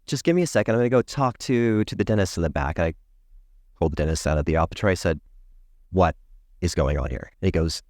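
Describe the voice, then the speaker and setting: A man who works as a dental hygienist, a podcast guest telling an animated story and acting out the people in it. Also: sits low, quick pace, no room sound, clean studio sound. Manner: emphatic, acts out the people in his stories.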